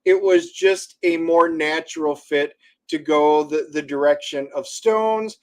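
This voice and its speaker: Co-host, man, halting explainer with dry quips, a touch high in pitch. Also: a little mellow. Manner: explains with restarts and fillers, dry one-liners. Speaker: comic co-creator and co-host. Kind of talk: casual livestream chat.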